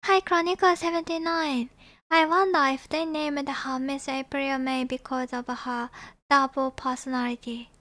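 A woman's voice: high-pitched, fairly even intonation, moderate pace, fairly bright tone. A woman streaming a game, chatting casually with viewers and joking playfully about the story. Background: background music.

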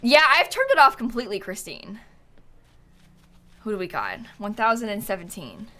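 A woman streaming a game live, chatting to her viewers in an excitable way, laughing often and shouting in exasperation. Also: medium pitch, moderate pace. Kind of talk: live-stream chat while gaming.

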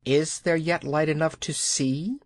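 A man voicing a giant male python in a children's audiobook, drawn-out and commanding. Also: fairly even intonation, no room sound, close to an everyday voice. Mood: hypnotic. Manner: drawn-out, commanding, high and slow. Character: hypnotic giant male python, slow and menacing. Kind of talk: audiobook character voice.

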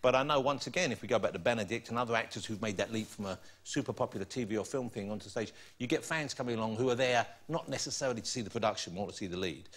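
A man hosting a chat show interview, teasing, chatty and quick to laugh. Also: lowish voice, a bit bright. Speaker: talk show host. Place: TV studio with audience.

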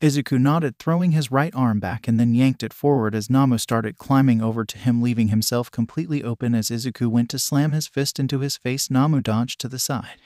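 A man reading fan fiction aloud in an even, steady storytelling manner. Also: mid-range voice, brisk, few pauses, no echo, studio quality. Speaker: narrator.

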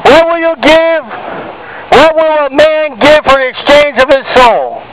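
A man preaching loudly on the street at a market, fervent and arguing with passersby. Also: extremely high pitch, lively intonation, measured pace, background noise. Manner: shouting, fervent, argues with passersby. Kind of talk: loud open-air preaching. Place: outdoors at a market.

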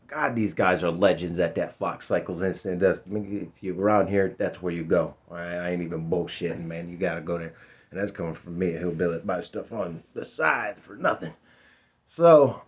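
A man, telling a rambling, profane story in casual vlog chat. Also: on the low side. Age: 50s. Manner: rambling, laid-back, profane. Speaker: vlogger. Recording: dull lo-fi sound.

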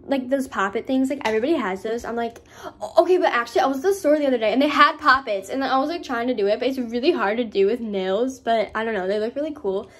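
A young woman with a slightly high voice chats quickly and casually in a vlog, giggly and rambling and full of fillers. She's filmed on a handheld camera at home and out on a night walk.

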